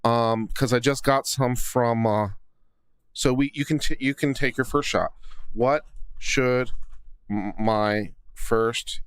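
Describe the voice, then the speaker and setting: A man's voice: mid-range voice, steady tone, slow pace, clean tone, no echo. A man hosting a casual livestream, reading viewer comments aloud and answering with legal commentary. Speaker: host of a law commentary livestream. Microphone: studio condenser mic.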